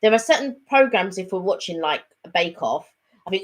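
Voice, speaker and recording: A woman's voice: mid-range voice, animated, moderate pace. A woman co-hosting a casual live chat, rambling along with lots of fillers and restarts.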